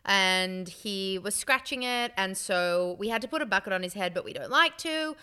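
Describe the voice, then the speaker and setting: Co-hosting a podcast, a young woman chats in a relaxed way, her clear, bright voice pitched in the middle range and paced moderately. She tells stories with animation, performing the quoted lines.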